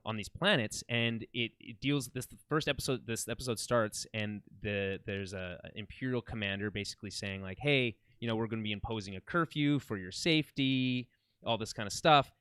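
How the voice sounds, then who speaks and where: This man's mid-range voice is fairly bright, clear, and resonant, captured dry. Co-hosting a podcast, he gushes about a TV series in loose film and TV chatter, wandering off track and frequently starting sentences over.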